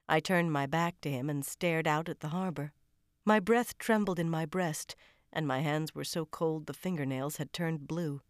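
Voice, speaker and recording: A woman's voice: deep voice, steady tone, moderate pace, dry recording, studio quality. A woman narrating a first-person audiobook thriller in a tense, dramatic storytelling manner.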